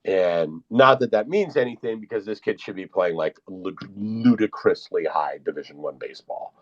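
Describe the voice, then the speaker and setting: A man's voice: low voice, lively intonation, normal speed, lo-fi sound. A man in casual chat on a live online audio room, telling a long, rambling, profane story. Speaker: podcast co-host.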